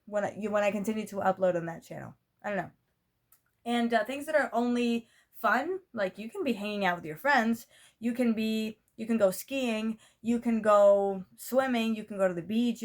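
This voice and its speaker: A young woman talking straight to her camera in a casual vlog. She rambles, restarts her sentences and keeps filling the gaps with "like" and "you know what I mean". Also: mid-range voice. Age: young adult. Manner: rambling, talkative, many fillers and restarts. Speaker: vlogger. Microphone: camera mic.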